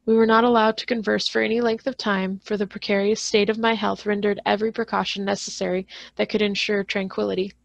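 Lady reading an old novel out loud, super creaky voice, steady and measured, dry sound. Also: mid-range voice, dry recording. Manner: steady, measured reading with occasional small slips. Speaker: school librarian reading a novel aloud. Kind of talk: audiobook reading of a classic novel.

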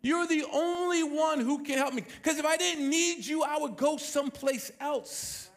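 A man's voice: very high voice, measured pace, creaky, voice pushed up, heavily acted. A man voicing an insistent widow pleading for justice, told within a sermon. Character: persistent pleading widow, adult woman. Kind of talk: sermon storytelling.

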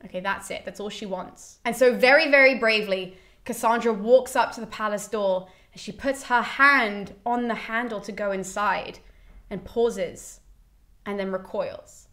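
A woman's voice: medium pitch, moderate pace. Chatty, swearing woman presenter. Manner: animated, chatty, swears, laughs. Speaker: YouTube presenter. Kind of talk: casual summary of a classical play.

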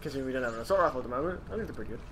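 A man chatting while playing a co-op video game, loud and exclamatory, often swearing. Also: medium pitch, lively intonation, racing, a little hiss or hum. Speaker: let's play co-op gamer. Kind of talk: casual gameplay chat.

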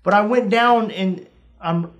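A man's voice: high voice, a little slow. A young man hosting a casual podcast, telling funny stories and acting out his own reactions with sudden jumps in voice. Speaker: podcast host. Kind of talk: casual storytelling chat.

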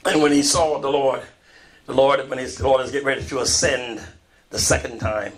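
A man preaches a lively sermon, retelling scripture through call and response and swinging from loud shouts to hushed, quiet storytelling. His voice is medium in pitch and fairly quick.

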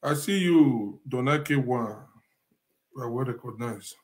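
A man's voice: medium pitch, expressive, unhurried. A man with a Nigerian Pidgin accent hosting a show, ranting dramatically and raising his voice. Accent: Nigerian Pidgin English. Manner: fiery, shouting, dramatic. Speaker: host. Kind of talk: live show commentary.

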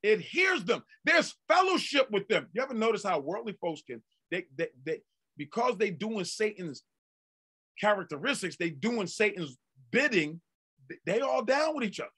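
A male pastor delivering a sermon in folksy, conversational talk that breaks into shouted peaks and drawn-out emphasis. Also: high-pitched, husky.

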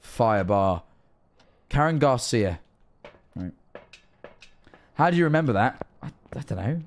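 A man's voice: mid-range voice, animated, measured pace. Playful streamer man. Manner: playful, teasing banter. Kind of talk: casual gaming chat.

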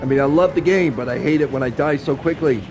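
A gaming YouTuber offers casual let's-play commentary from his home setup, streaming from a game console, chatty and self-deprecating. His voice is a little high, fast and slightly stuffy, heard over music.

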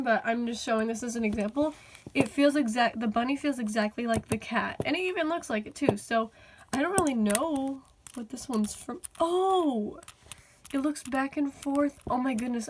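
A woman vlogger unboxing a toy haul, gushing and excitable, often exclaiming over how cute things are. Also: fairly high pitch, slight background noise. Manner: gushing, excitable, many "oh my goodness".

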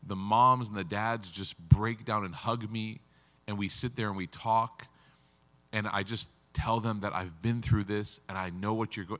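A man, a religious teacher telling a moving story in an earnest, halting way, his voice breaking with emotion. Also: on the low side, fairly bright tone. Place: community center hall. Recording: reverberant lecture hall.

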